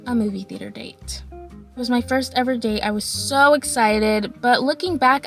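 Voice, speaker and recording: Animated young woman telling a storytime. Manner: animated, laughing, acts out quotes in high voices. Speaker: vlogger. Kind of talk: storytime vlog.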